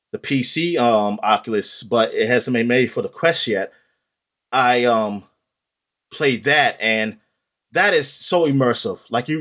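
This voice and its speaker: A man's voice: medium pitch, fairly bright tone. A man chatting casually in a podcast, rambling with many ums and restarts. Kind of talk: casual chat about video games.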